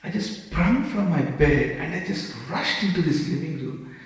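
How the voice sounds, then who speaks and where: A man giving a lively storytelling sermon with a slightly higher-than-usual voice. He acts out the dialogue as he tells it. His voice rings through a temple hall with a long, heavy echo. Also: unhurried. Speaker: speaker giving a class.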